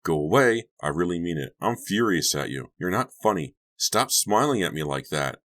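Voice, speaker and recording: A man's voice: deep voice, animated, moderate pace, a bit bright. A man voicing a frightened, angry teenage girl babysitter in an audiobook, speaking sharply and insistently. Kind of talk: audiobook character voice.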